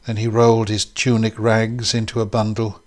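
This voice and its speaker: A man giving a measured, scripted narration of a classic short story. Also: on the low side, completely flat delivery. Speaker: reader.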